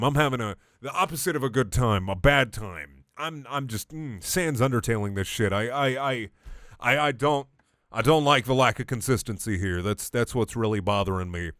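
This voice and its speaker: A young man reads fan fiction aloud for laughs and keeps breaking off into sarcastic, sweary rants. His voice sits at an ordinary middle pitch. The recording is dry and close, with no room around it. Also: animated, normal speed, a bit bright, no room sound. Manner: exasperated, sarcastic, sweary ranting. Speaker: online comedy reader. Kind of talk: comedic dramatic reading with rants.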